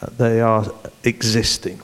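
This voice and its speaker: A man's voice: fairly low pitch, steady tone, measured pace. A man, a church leadership director, speaking animatedly and playfully in an onstage interview in front of a congregation.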